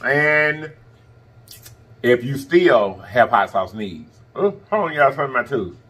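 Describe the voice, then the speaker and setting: Lively, effusive man signing off. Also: unhurried, slightly rough. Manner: effusive and affectionate, blowing kisses; playful and teasing, swinging up high. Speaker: mukbang host. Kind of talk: casual sign-off to viewers.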